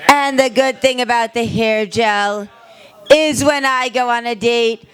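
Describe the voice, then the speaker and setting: A comedian opening a stand-up set at an open mic with a slow, deliberate setup. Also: medium pitch, fairly bright tone, clear, resonant tone.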